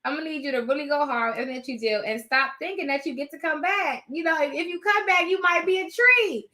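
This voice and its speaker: A woman hosting a casual live stream from her home office, animated and rambling as she talks to viewers. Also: high voice, a little fast.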